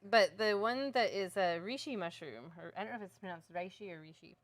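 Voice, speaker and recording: A woman co-hosting a painting tutorial, chatty and quick to laugh. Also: medium pitch, expressive. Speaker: co-host. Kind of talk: casual chat during a painting tutorial.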